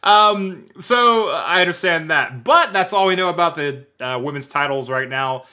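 Jokey American podcast host. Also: male voice, a little high, lively intonation, a little slow, bright, forceful tone. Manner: laughing, jokey. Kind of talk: casual chat.

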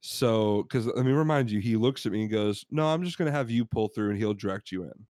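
Low-voiced guy on a podcast, telling a long story, doing the other people's lines, dry close sound. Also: a little fast, darkish tone, dry recording. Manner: rambling anecdotes with laughs, acts out quotes. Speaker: podcast co-host. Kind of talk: casual chat, storytelling.

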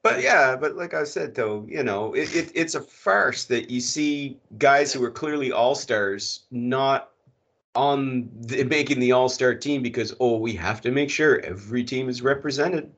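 A man's voice: medium pitch, a little slow, a bit bright. A middle-aged man co-hosting a casual hockey podcast, ranting with lots of swearing and emphatic repetition. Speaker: podcast co-host. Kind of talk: casual sports chat. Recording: muffled lo-fi sound.

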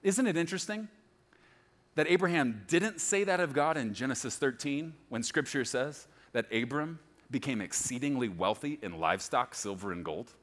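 A man preaching as a pastor, with animated storytelling and playful asides. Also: mid-range voice, moderate pace. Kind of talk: sermon.

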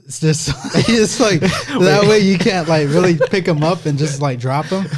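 A man's voice: a little high, measured pace, crowd noise. A young man co-hosting a casual podcast who rambles through his stories with lots of fillers. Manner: rambling, filler-heavy storytelling. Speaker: podcast co-host. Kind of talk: casual chat.

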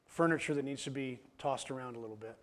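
A man's voice: medium pitch, quick pace, a bit bright. A man preaching a sermon in a casual, conversational way, asking the listeners many questions. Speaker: pastor.

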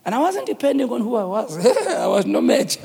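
Gravelly high-voiced South African preacher. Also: male voice, big pitch swings, a little fast, slight background noise. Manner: storytelling that builds to fervent shouted exhortation. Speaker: pastor. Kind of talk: sermon. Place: church.

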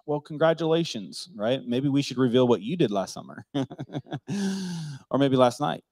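A pastor delivers a relaxed, joking sermon, quizzing the congregation and acting out the voices of people he quotes. His medium-pitched, slightly mellow voice moves at a moderate pace with long pauses, and there's no room sound.

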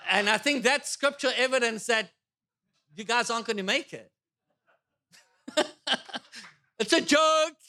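High, bright-voiced joking preacher. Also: male voice, measured pace, long pauses. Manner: joking, animated preaching with rhetorical questions. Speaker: pastor. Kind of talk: sermon. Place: church.

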